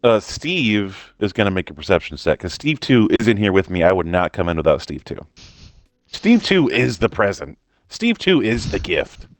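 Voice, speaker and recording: A man's voice: lowish voice, sing-song, normal speed, dry recording, clean studio sound. A young man joking around in slang as a player in a tabletop game.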